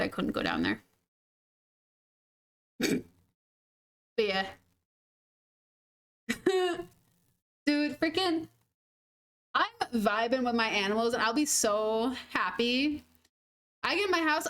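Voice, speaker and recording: Giggly high-voiced woman streamer. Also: fairly bright tone. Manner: giggly and rambling, laughing often; slangy, says 'dude' and 'freaking' a lot. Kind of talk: casual gaming stream chat.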